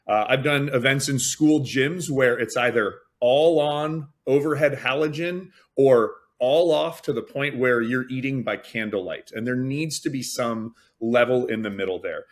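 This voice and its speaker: A man's voice: mid-range voice, measured pace, few pauses. A man who works as a fundraising auctioneer, talking energetically on a webinar and acting out announcements as he tells his stories. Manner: energetic, storytelling, acts out announcements. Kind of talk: webinar talk, explaining.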